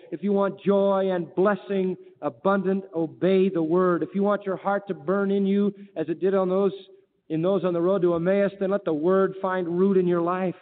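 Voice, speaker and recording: A man's voice: high-pitched, level tone, normal speed. A male preacher delivering a sermon, emphatic, firing rhetorical questions and quoting scripture. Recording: tinny phone-like line with long reverb.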